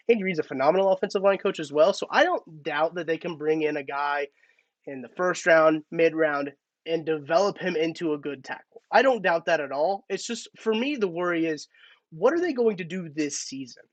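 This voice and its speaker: A man's voice: on the high side, a little fast, no room sound, dull audio. A man hosting a casual live-stream sports talk, chatty and thinking aloud with restarts. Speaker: podcast host.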